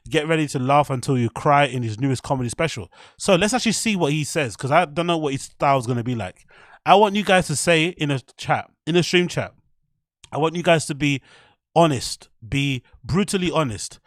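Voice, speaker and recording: A British man from the United Kingdom hosts a livestream reaction show, talking bluntly and rambling with frequent swearing. His voice is a little high, and the studio-quality audio has no room sound.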